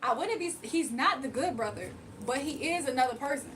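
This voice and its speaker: High-voiced woman ranting on livestream. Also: expressive, brisk, recorded from a distance, noisy background. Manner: blunt, repetitive rhetorical questions. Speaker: livestreamer reading cards for chat. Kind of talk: heated livestream rant to chat.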